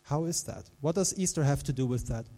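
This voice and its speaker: A man preaching a sermon as a pastor, animated, dropping to a hush and then rising to loud, emphatic lines. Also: mid-range voice, fairly quick, in a large hall. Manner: animated, swings from hushed to loud.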